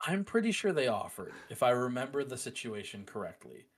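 A man co-hosting a podcast in casual chat, animated and opinionated, with frequent fillers. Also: mid-range voice, brisk, slightly rough. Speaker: podcast co-host.

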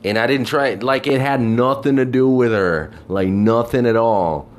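A man's voice: medium pitch, moderate pace, faint music behind. A man telling a profane, exasperated story about his job in a casual rant, acting out the people he quotes. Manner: animated, mimics people in quotes.

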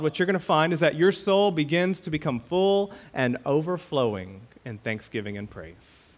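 A man preaching a sermon as pastor, reading scripture aloud and repeating key words with emphatic swings between loud and quiet. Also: mid-range voice. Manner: slow, emphatic preaching with dramatic swings in loudness.

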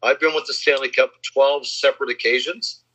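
A man in casual chat, telling boastful anecdotes and acting out the quotes in a husky voice. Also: mid-range voice, steady tone, fairly quick, sharp tone. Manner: boastful name-dropping anecdotes, acts out quotes. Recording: slightly dull lo-fi sound.

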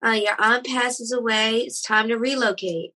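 A woman hosting an interview, asking her guest questions in a gentle, sympathetic way. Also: on the high side, steady tone, normal speed, poor audio. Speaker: podcast host and interviewer.

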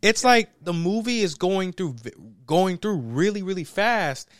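A young man in casual chat, reviewing a film with a friend, lively and laughing, acting out characters in quoted voices. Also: sits high, a little slow, dry recording, studio quality. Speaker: podcast co-host reviewing a film.

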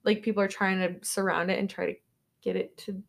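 A woman's voice: medium pitch, level tone, fairly quick, vocal fry. A young woman co-hosts a podcast and walks through a film's plot in loose, chatty storytelling. She leans heavily on filler words and keeps the recap rambling along. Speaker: podcast co-host. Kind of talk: casual movie recap chat.

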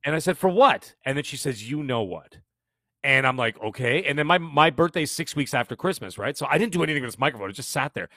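A man's voice: medium pitch, no room sound, clean studio sound. A man in his fifties with a Canadian accent, telling stories energetically as a podcast guest. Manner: fast, energetic storytelling with frequent restarts. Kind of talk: casual interview chat.

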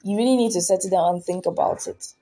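Speaking quickly in a mid-range voice that is warm, mellow and a little husky, this woman preaches with real earnestness. She keeps returning to her own words and asks her audience rhetorical questions.

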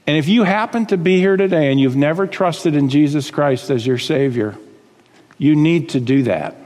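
A male pastor delivers an emphatic sermon in a somewhat high voice, firing off rhetorical questions. His words ring out with a long reverb from a large church sanctuary. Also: moderate pace, a little mellow.

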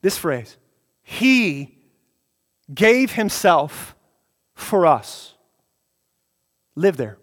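A man's voice: sits high, very animated, drawn-out words, pauses often. A man preaching a sermon, emphatic, repeating phrases for stress and building to passionate peaks. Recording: long hall reverb.

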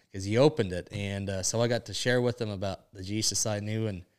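Earnest man telling a faith story, smooth voice. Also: lowish voice, steady tone, a little fast. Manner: earnest storytelling, many "and, uh" links. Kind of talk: sharing a faith testimony. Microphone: podcast microphone.

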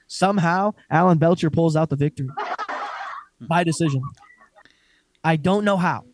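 A man's voice: fairly high pitch, moderate pace, background noise. A young man co-hosting a casual fight-talk podcast, swearing freely and laughing often as he chats. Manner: profane, animated, laughs often. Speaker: podcast co-host. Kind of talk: casual chat.

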